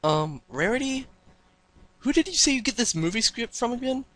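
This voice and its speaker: A man's voice: extremely high pitch, sing-song, normal speed, pushed and bright, no room sound, voice pushed up, heavily acted. A man voicing a hesitant, doubtful bookish unicorn mare in a comedic fanfic reading.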